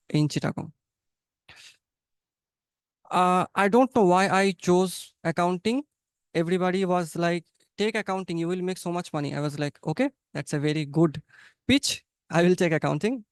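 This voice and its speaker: Bangladeshi accent, young man, high-pitched, dry call audio, chatty class host. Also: clean tone, no room sound. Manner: encouraging, chatty, playful. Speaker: English conversation practice host. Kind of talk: casual online class talk. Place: home, online webinar. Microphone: video call.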